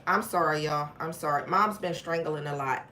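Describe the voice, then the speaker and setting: A woman's voice: low-pitched, normal speed, pushed and bright. A woman hosting a storytime livestream. She tells her story in an emphatic, frank way and talks straight to her viewers. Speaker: channel host.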